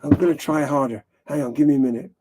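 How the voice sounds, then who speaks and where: A man's voice: on the high side, steady tone, fast, background noise. A man hosting a live stream, talking casually and rambling frankly, swearing now and then.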